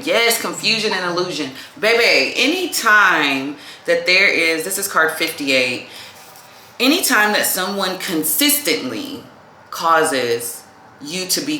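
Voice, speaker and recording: A woman's voice: sits low, pushed and bright, slight background noise. A woman giving a casual tarot reading to camera. She is chatty, calls the viewer "baby" and says "like" a lot. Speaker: tarot reader. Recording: echoey room.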